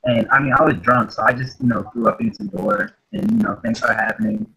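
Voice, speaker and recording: Young male co-host, gravelly, bright, lively pitch, laid-back. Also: quick pace, low-quality recording. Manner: laid-back storyteller, trails off with fillers. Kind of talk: casual comedic chat.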